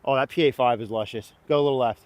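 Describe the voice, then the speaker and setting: A man giving casual running commentary while playing disc golf outdoors, excitable and hard on himself, a bit out of breath. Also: mid-range voice, fast. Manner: excitable, self-critical, talks to himself between throws.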